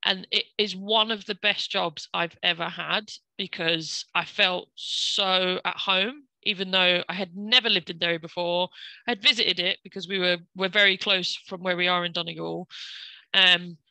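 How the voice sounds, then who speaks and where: A woman with an English accent, a guest chatting casually and warmly with many fillers. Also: on the low side, fairly even intonation, normal speed, dry recording, low-quality recording. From England, London. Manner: chatty, frequent fillers and laughs. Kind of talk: casual conversation.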